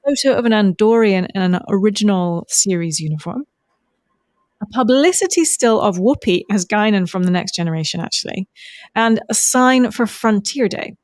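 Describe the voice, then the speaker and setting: A woman's voice: medium pitch, expressive, normal speed, no room sound. Chatty woman podcast co-host. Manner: chatty, rambling with many ums. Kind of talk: casual recap chat.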